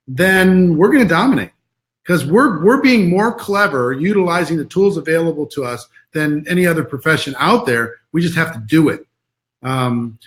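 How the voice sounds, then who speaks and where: A man's voice: on the high side, a bit bright. A middle-aged man with an American accent, a guest on a live stream over a video call, speaking in an earnest, encouraging way and repeating words as he searches for them. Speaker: interview guest. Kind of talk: motivational talk on a live stream.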